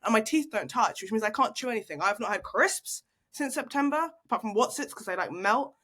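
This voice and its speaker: A woman's voice: fairly high pitch, animated, a little fast, a bit bright. Woman in her twenties, casual podcast chat, video call sound, laughs at herself, chatty. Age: 20s. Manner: chatty, laughs often, self-mocking. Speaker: podcast co-host.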